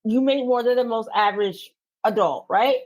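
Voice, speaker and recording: A woman's voice: a little high, normal speed, darkish tone, no echo. A woman co-hosting a podcast in casual chat, easygoing and chatty with lots of fillers, on a close dry mic. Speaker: podcast co-host.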